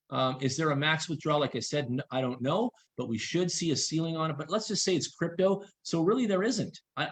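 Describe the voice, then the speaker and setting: A man presenting on a video call, reading questions aloud and answering them briskly, repeating his warnings insistently. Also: a little high.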